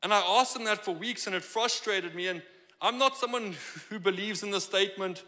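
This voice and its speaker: A man preaching a sermon in a church, conversational and animated, acting out the lines he quotes. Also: high-pitched, brisk, big-room sound. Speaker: pastor. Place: church sanctuary.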